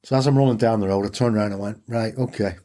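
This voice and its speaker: A man with a Yorkshire accent speaks in a lowish voice at a racing pace. He's a podcast guest telling a personal story in an interview, animatedly acting out the dialogue as he goes.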